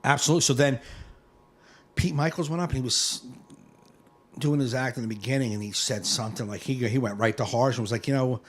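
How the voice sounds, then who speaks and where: A man hosting a comedy podcast, telling stories in a lively way, swearing freely and acting out the people in them. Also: medium pitch, brisk, pauses often, a little hiss or hum. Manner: animated storytelling, swears freely, acts out voices. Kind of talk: casual podcast chat.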